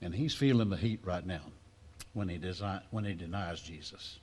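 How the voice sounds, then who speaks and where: A man's voice: sits low, normal speed, husky. A man preaching a sermon to a class, telling stories and acting out the voices in the quotes. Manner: lively storytelling preacher, acts out voices in quotes.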